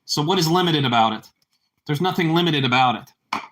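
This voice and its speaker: A man's voice: fairly high pitch, animated, fairly quick, fairly bright tone. A man chatting casually with his livestream viewers, rambling and repeating himself, and calling them bro. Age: adult parent. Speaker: livestream host.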